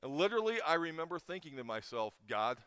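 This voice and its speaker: A middle-aged man speaks at a chapel gathering in an easy, conversational way, more like a family talk than a sermon. His storytelling is emotional and full of little restarts. The sound is dry and close, with an average pitch for a man. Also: lively intonation, moderate pace, fairly bright tone, dry recording.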